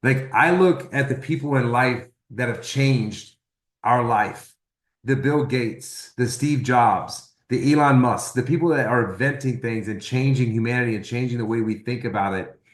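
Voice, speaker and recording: A man telling a personal testimonial story, acting out the dialogue he quotes in an animated way. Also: medium pitch, moderate pace, reverberant. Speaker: testimonial speaker.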